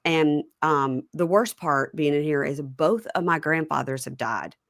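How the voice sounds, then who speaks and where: A middle-aged woman hosting a casual podcast chat, retelling a reality show scene by scene and acting out the quotes in a higher voice. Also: a little slow, no room sound, clean studio sound. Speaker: podcast host.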